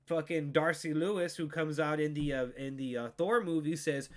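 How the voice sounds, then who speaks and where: A man hosting a podcast, recapping a TV show in an excitable, swearing, filler-heavy way. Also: a little high, normal speed, few pauses. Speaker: podcast host. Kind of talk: casual pop culture recap.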